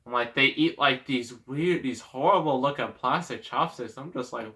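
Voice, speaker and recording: A man's voice: medium pitch, moderate pace, few pauses, bright, forceful tone. A man giving a casual, rambling movie review, sarcastic, with lots of fillers.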